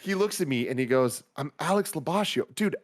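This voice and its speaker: A man in his thirties, co-hosting a podcast in casual chat, telling a story and acting out the dialogue with big leaps in his voice. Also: a little fast. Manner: animated, acts out dialogue with big pitch jumps. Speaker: podcast co-host.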